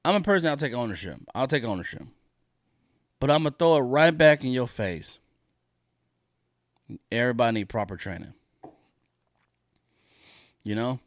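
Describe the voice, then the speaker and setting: A man's voice: medium pitch, lively intonation, normal speed, pauses often, no room sound, clean studio sound. Profane, indignant man hosting a podcast. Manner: profane, indignant, repeats his points for emphasis. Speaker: podcast host. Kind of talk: solo podcast rant.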